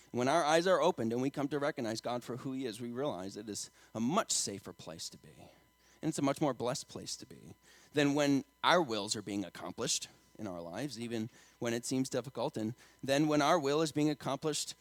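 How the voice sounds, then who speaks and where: A male pastor delivering a sermon with a very lively, swinging pitch, climbing into loud emphatic peaks. The sound is close and dry, with no room echo. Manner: emphatic preaching, getting louder and higher on key lines; drops to quiet storytelling in the anecdote.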